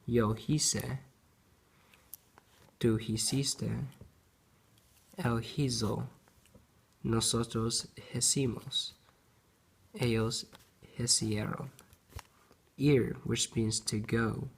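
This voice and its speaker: A young man reading a school grammar lesson aloud, going slowly and carefully through lists of verb forms. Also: medium pitch, fairly even intonation, vocal fry, slight background noise. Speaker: student presenter.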